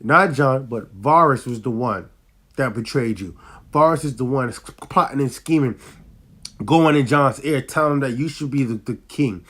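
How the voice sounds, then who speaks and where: A man recapping and reviewing a TV episode in casual, slangy talk, excitable and loud when hyped, sounding a bit sick with a cough now and then. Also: medium pitch, normal speed.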